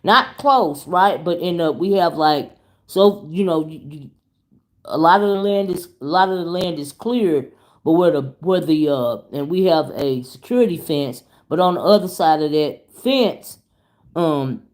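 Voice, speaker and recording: Speaking at a measured pace in a low-pitched voice, a woman spins a casual story for her vlog viewers. As a YouTube commentary host, she's animated and chatty, calling everyone "y'all" and "child."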